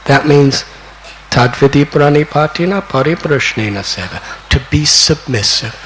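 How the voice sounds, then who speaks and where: An older man in his sixties, a spiritual teacher telling a devotional story in a slow, deliberate way that climbs to excited peaks. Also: a little high, slight background noise, poor audio. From United States. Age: 60s.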